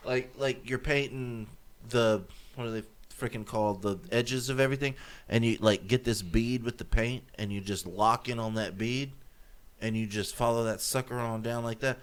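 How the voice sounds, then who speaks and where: A man's voice: medium pitch, fairly even intonation, normal speed, clean tone. A man who is a guest on a podcast, talking in a rambling, casual way with frequent "like" fillers. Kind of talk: casual round-table chat.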